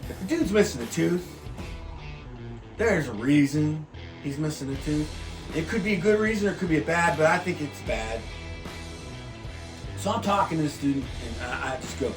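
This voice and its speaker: A man spins a personal yarn in a laid-back monologue, his pitch rising and falling freely. He often sinks into a quiet, calm low voice. The room rings with echo, and soft guitar music plays underneath. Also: moderate pace, long pauses. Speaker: host. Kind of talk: storytelling monologue.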